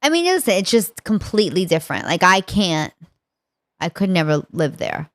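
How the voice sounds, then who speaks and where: A woman with a New York accent, chatting as a comedian guest on a podcast and playfully acting out exchanges. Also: lowish voice. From New York City. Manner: animated, playful, acts out quick exchanges. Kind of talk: casual podcast conversation.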